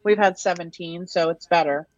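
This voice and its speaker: Low-voiced woman on a dull lo-fi line. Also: normal speed, a little mellow, dry recording. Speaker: guest. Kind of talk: casual chat.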